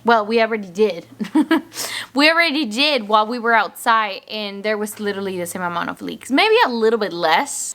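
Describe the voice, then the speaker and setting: A woman's voice: fairly high pitch, a bit bright. A young woman vlogging casually from inside a bus she is converting, playful and laughing often. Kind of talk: casual chat to camera. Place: inside a school bus under construction.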